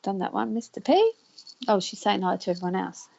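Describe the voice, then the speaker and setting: A woman talks casually to her live audience as a psychic counsellor host. She laughs often and trips over names. Her mid-pitched voice comes through slightly dull, lo-fi stream audio. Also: little pitch movement, quick pace, vocal fry, a little mellow.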